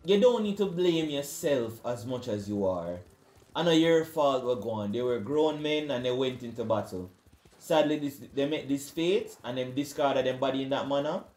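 A man's voice: medium pitch, lively intonation, normal speed, a little mellow, echoey room. A young man giving rowdy, slangy gameplay commentary. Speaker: gaming video creator.

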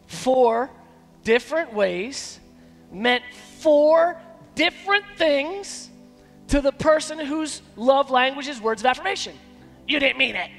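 A man preaching a sermon as pastor, emphatic, with dramatic pauses. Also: extremely high pitch, animated, a bit bright, in a large hall, faint music behind. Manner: acts out quoted dialogue in shifting voices. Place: church sanctuary.

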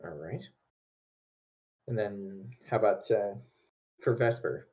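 A man narrating a tabletop game as game master, relaxed and hesitant, with many pauses and filler words. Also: fairly low pitch, highs cut off.

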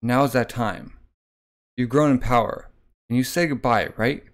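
A man voicing a scheming young dark magi who talks in a coaxing, offhand way. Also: mid-range voice, normal speed, natural voice.

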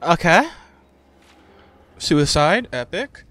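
A man giving casual, profane gameplay commentary, excitable and prone to yelling. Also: fairly high pitch, extremely slow. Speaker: let's play gamer.

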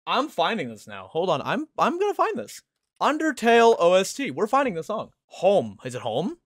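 Young man, gaming streamer, casual commentary, hyped and coaxing, high bouncy voice. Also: normal speed, no echo, faint music behind. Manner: excitable, hyped, coaxing the game characters aloud. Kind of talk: casual livestream gameplay commentary.

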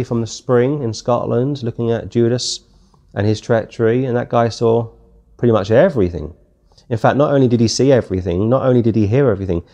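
A man's voice: mid-range voice, dark tone. A man with a British accent teaching a verse-by-verse Bible study, talking casually and reading the King James text aloud. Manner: conversational, reads scripture aloud in King James wording.

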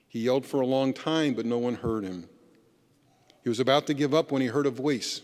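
A man's voice: medium pitch, a little fast, a little mellow. A man preaching a Sunday homily as a deacon, earnest and plainly telling a story. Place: church. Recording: long church reverb.

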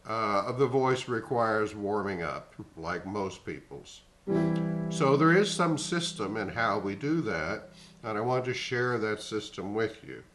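Older man teaching singing, slow and echoey. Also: lowish voice, expressive, a bit bright, faint music behind. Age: 60s. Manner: measured, explanatory teacher. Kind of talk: singing lesson demonstration.

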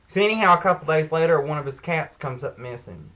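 A woman's voice: low voice, lively intonation, quick pace, hardly any pauses, fairly bright tone, poor audio. A woman telling an angry, profane story to her viewers in a sassy, heated way. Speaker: vlogger. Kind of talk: angry rant to camera.

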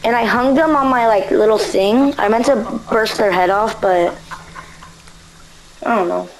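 A young woman giving playful, excitable gameplay commentary, bouncing between silly voices and deadpan asides. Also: fairly high pitch, unhurried, rough recording. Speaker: gaming video creator.

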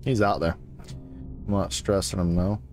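A man's voice: low voice, steady tone, normal speed, soft background music. A man giving casual live commentary as he plays a survival game, chatting along and teasing the creatures on screen. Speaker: gaming streamer.

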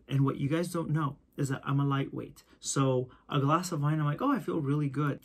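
A male photographer telling a story to camera in a casual, animated way. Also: a little high, slightly rough. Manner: animated, acts out quoted voices. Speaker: photographer and video host.

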